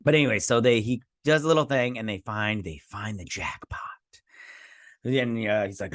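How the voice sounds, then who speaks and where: A man talks through an episode recap in a loose, rambling way. His voice sits at an ordinary middle pitch, and he is heard up close with no room echo. His tone is sarcastic and he drops into mock voices to quote characters. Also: sing-song, normal speed, fairly bright tone. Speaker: host. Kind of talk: casual episode recap and review.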